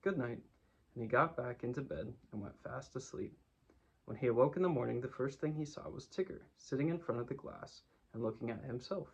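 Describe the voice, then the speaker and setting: A man narrates a children's book in a calm, steady storytelling voice. His tone is husky with plenty of gravel. The recording is dull and lo-fi, pitched in an ordinary middle range. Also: fairly quick. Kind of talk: reading a children's book aloud.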